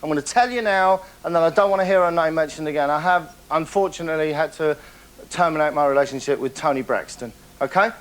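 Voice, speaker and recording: A man's voice: fairly high pitch, fast. Boastful rambling man. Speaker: comedy character host. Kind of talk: deadpan comic monologue.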